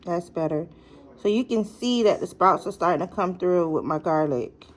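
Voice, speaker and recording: A woman's voice: on the low side, animated, normal speed. A woman talking casually to her phone camera while tending seedlings indoors, thinking aloud with lots of fillers and restarts. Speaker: gardening vlogger. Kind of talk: casual home gardening vlog.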